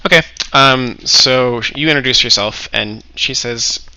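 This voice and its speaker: Game master, man, bright tense voice, dry close sound, jokey, laughs a lot. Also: medium pitch, measured pace, clean tone, dry recording, rough recording. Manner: laughing, joking, easily sidetracked. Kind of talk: running a tabletop game over voice chat.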